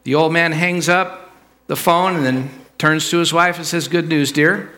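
Bright-voiced man preaching a sermon. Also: fairly high pitch, steady tone, normal speed. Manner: conversational storytelling with fillers and restarts. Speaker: pastor. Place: church sanctuary.

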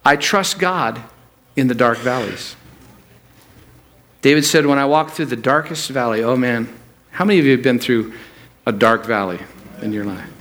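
A male pastor preaching a sermon at a church service, swinging between loud emphatic peaks and quiet low asides. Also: normal speed, long pauses.

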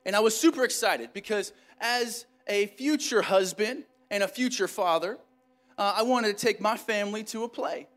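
A man's voice: sits high, moderate pace, a bit bright. A young man preaching a sermon as pastor, conversational and storytelling, with self-deprecating humor. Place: church sanctuary.

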